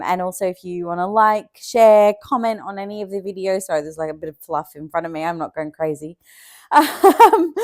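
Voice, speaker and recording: A young woman talks casually to her camera, full of "um"s and "like"s and quick laughs. Her pitch rises and falls a lot as she tells the story. The sound is close and dry, with no room echo. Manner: chatty, many fillers and likes, laughs often. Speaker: vlogger.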